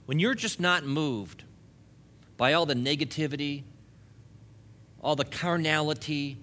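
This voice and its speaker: Emphatic man preaching a bright sermon. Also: fairly high pitch. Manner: emphatic, repetitive. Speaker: pastor.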